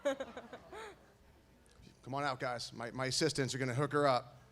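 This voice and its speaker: A man's voice: medium pitch, steady tone, normal speed, vocal fry, fairly bright tone. A man on stage at a school awards night, giving a speech to graduating students with jokes and encouragement. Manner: joking, encouraging, playful asides. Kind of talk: speech to an audience.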